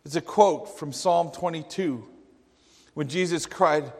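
A man preaching a sermon, slow and emphatic, with dramatic quotations. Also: a little high. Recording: long hall reverb.

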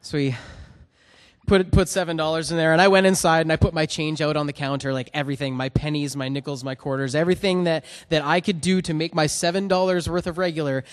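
A man, speaking in a slightly higher register, shares a personal testimony before a worship song. He tells it in an earnest, rambling way, often stopping to restart his sentences. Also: steady tone, fast talker. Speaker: worship musician.

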